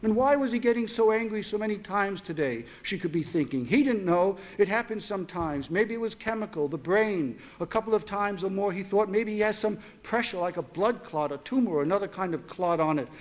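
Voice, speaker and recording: A male author reads his own fiction aloud at a live literary reading. His voice sits high, and his storytelling is steady, with the odd quick self-correction. The delivery is plain and unhurried.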